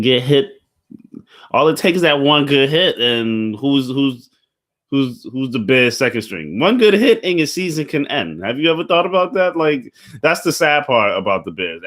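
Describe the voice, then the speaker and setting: A man's voice: on the low side, fairly bright tone. A young man giving a casual, rambling football recap, slangy and profane, full of fillers, burping now and then. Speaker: football commentator.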